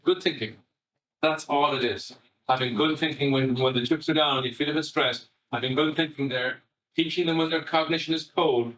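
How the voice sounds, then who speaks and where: A middle-aged Irish family psychotherapist gives a live talk to parents in a bright, forward voice that's fairly high, steady, and at normal speed. He's chatty and anecdotal, often restarting sentences and adding asides. The recording places him far from the mic in an echoey room.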